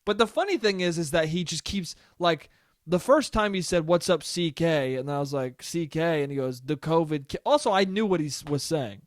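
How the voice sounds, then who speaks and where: A young man hosts a solo comedic podcast monologue in a little-high, expressive voice at a fairly quick pace. He tells rambling, profane stories about his family and acts out their lines, recorded in clean studio sound with no echo.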